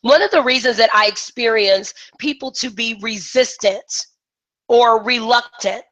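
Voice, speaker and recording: A woman business coach giving an energetic live-streamed coaching talk, acting out both sides of made-up conversations. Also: on the high side, measured pace, low-quality recording.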